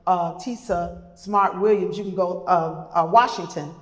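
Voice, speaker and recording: A middle-aged woman with a lowish voice speaks at an unhurried pace while hosting a live podcast panel, showering her guests with effusive, repeated praise as she introduces them. She's in a retreat event room before a live audience, and the roomy hall gives the recording a long reverb.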